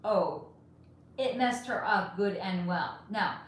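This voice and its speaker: A woman's voice: mid-range voice, slow, a little hiss or hum. A woman hosting a casual livestream, reading chat questions aloud and answering frankly, swearing freely and trailing off with fillers while she puts on makeup at home. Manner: putting on makeup while talking. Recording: very echoey room.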